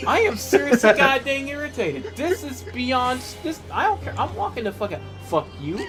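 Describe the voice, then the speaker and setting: A woman streaming a game, with a fairly high voice whose pitch swings widely. She rants in irritation and swears heavily. Game music plays clearly behind her. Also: sing-song, normal speed. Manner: irritated ranting, heavy swearing. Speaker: gaming streamer. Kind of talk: live game commentary.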